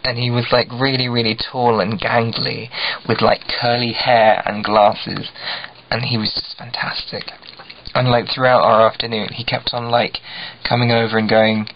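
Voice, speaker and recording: A man's voice: mid-range voice, moderate pace, vocal fry. A young man from England vlogging in a casual, rambling, self-deprecating way, full of "like" fillers. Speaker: video blogger. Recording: dull lo-fi webcam audio with faint hiss.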